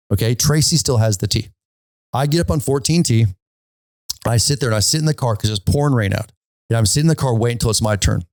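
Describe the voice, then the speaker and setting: Hosting a golf podcast, a man with a medium-pitched voice tells a story in a casual, animated way on a dry recording. He repeats himself and keeps pausing to ask "okay?".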